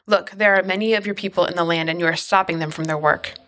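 A stern, dismissive king gives orders in short, scornful lines, as a woman reading scripture voices him. The voice stays low and flat, with little swing in pitch. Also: fast talker, slight background noise, natural voice.

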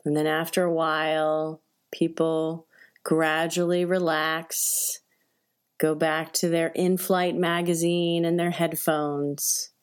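A woman telling a personal story in a chatty, animated way, acting out voices and reactions, with many fillers. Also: low voice, slow pace, smooth. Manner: conversational, many fillers like "like" and "right?". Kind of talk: personal anecdote told to an audience.

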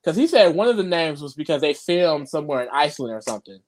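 A man co-hosting a casual reality-show recap, chatty and quick to laugh. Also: fairly high pitch. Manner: chatty, laughs often, expressive.

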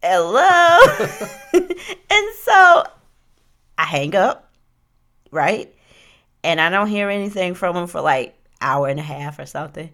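A young adult woman hosting a casual podcast who tells lively stories and acts out the quotes. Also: sits low, moderate pace. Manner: animated, acts out quotes, talks with "like" and "right?". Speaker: podcast host. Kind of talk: casual storytelling chat.

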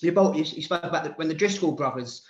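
A man of nearly forty hosts a relaxed podcast conversation, his voice sitting a little high. He talks in a lively, chatty way. The recording is dull and lo-fi. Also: fast. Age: 30s. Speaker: podcast host. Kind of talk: casual chat. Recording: dull lo-fi sound.

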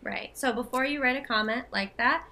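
Young woman, podcast co-host, slightly high voice, chatty, laughing. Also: sharp tone. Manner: chatty, laughing, quick asides. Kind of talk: casual chat.

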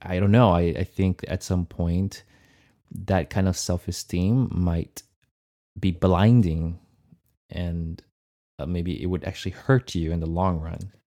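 A man's voice: low voice, steady tone, slow, warm tone. A man co-hosting a podcast, speaking thoughtfully and with some hesitation in casual chat. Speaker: podcast co-host.

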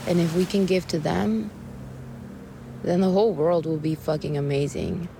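A woman's voice: lowish voice, fairly even intonation, moderate pace, creaky, noisy background. A woman hosting a podcast, speaking an earnest, meandering monologue while on a mushroom trip, with sighs and the odd swear word. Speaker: podcast host. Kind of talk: spoken reflective monologue.

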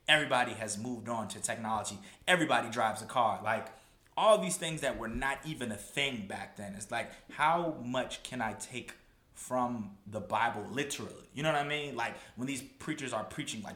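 A man's voice: medium pitch, a little fast, reverberant. A man hosting a casual podcast chat, talking emphatically and animatedly. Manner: animated, emphatic, talks with "like" a lot. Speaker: podcast host.

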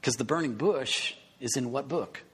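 Husky-voiced man preaching in a reverberant hall. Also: medium pitch, normal speed, fairly bright tone. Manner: emphatic teaching with rhetorical questions. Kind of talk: sermon.

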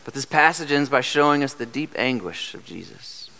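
A man's voice: medium pitch, expressive, moderate pace, gravelly, bright, forceful tone. A man preaching a sermon as pastor, earnest and direct, asking the congregation rhetorical questions. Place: church sanctuary. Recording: long hall reverb.

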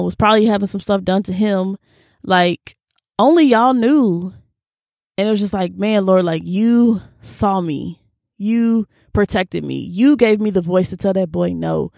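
A woman in her twenties talking earnestly and casually about a Bible story, lively when she quotes people and quieter when she shares her own life. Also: fairly low pitch, creaky, no room sound, studio quality. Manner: earnest and animated, slips into quoted voices, Southern-leaning casual speech. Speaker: faith vlogger. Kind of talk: personal Bible reflection, casual talk.

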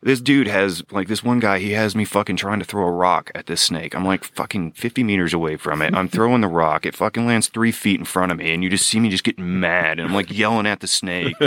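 A low-pitched man with a bright, forceful tone, recorded dry and close. He tells his army stories in a loose, profane way and jumps up in pitch whenever he acts out what someone said. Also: fairly quick, hardly any pauses, no room sound. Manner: profane, laid-back, acts out quotes in a raised voice. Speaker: guest, army veteran sniper. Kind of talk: casual storytelling in a podcast chat.

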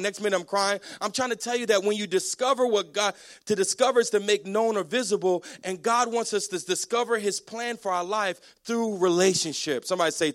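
A man preaching a sermon as a pastor, energetic and storytelling, with many restarts. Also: high-pitched.

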